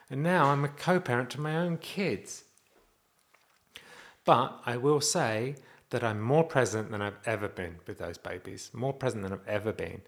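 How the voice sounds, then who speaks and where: Dad vlogger, lowish voice, earnest, rambling, stops and restarts a lot. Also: male voice, fairly bright tone. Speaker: vlogger and father. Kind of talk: candid personal vlog.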